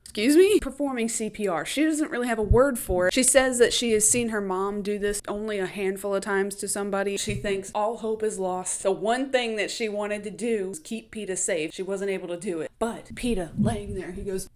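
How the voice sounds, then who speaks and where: A young woman retells a story to her viewers in a loose, chatty way. She is animated, swears freely and laughs along with her own asides. Her voice sits at a mid pitch for a woman. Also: a little fast, few pauses. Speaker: book recap vlogger. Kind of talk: casual story recap to camera.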